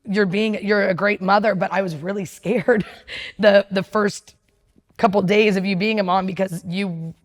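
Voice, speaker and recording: A woman in her thirties candidly telling a personal story, blunt and profane, often laughing and acting out what people said. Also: medium pitch.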